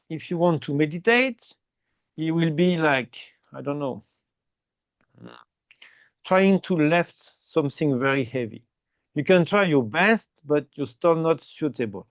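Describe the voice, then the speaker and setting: Gravelly man teaching meditation. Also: on the high side, no echo, highs cut off. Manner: explains slowly and repeatedly, ending phrases with "okay?"; non-native English with simple grammar slips. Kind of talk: guided meditation instruction.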